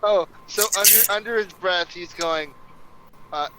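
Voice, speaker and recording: A man's voice: sits high, unhurried, noisy background. A man playing a tabletop game on stream, hesitant and casually swearing. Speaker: player.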